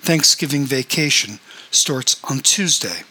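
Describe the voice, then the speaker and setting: A man's voice: mid-range voice, animated, a little slow, sharp tone, slightly rough, heavily acted, poor audio. A man voicing a formal, reserved young woman on the phone in a story reading. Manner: formal and cool.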